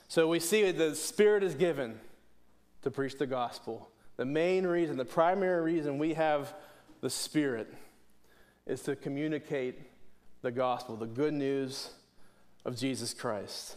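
A man's voice: a little high, moderate pace, a little mellow. A middle-aged man from Pittsburgh preaching a sermon earnestly, often restarting phrases and posing questions to the congregation. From Pittsburgh, USA. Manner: earnest, repeats words and restarts phrases, asks rhetorical questions. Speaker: pastor.

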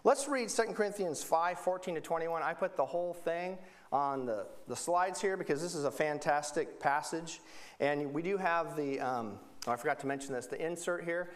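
A middle-aged man delivers a relaxed sermon from a church pulpit. His voice sits a little high for a man. He talks in a chatty, joking way, breaking off mid-sentence and restarting as he goes. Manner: chatty, joking, self-interrupting. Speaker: pastor. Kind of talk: casual sermon.

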